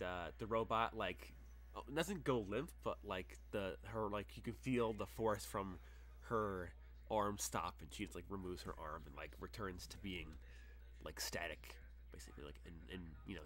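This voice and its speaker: A young man with a lowish voice narrates a tabletop game as game master. He talks in loose, halting bursts packed with "like" and "uh." His delivery is casual and unscripted. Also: fairly bright tone. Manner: halting, filler-heavy narration.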